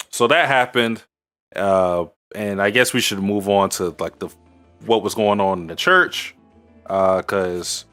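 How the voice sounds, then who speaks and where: A man with a fairly low voice talks through an anime recap in loose podcast chat. He rambles, drops crude jokes and fills gaps with "uh" and "um", with faint music under him. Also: a bit bright, clean tone. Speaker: podcast co-host.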